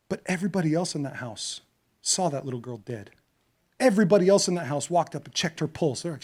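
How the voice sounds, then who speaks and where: A male pastor preaching a sermon, telling a story dramatically, acting out voices and moving from hushed to loud. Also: a little high, expressive, fast.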